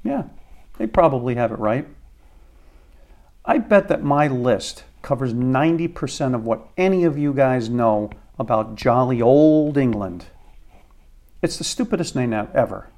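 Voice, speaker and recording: A man's voice: medium pitch, expressive, a little slow, darkish tone. An American man hosting a podcast, delivering a crude, sarcastic comedic rant. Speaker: podcast host.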